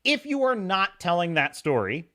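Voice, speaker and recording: A man hosting a live stream, talking in a sarcastic, animated way and reading chat messages aloud. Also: high voice, moderate pace. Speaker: podcast host.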